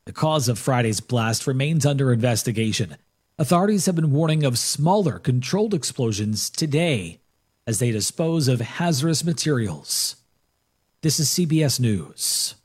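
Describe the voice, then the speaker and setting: A man anchoring a radio newscast in a measured, formal delivery. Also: medium pitch, animated, breathy edge. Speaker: news anchor.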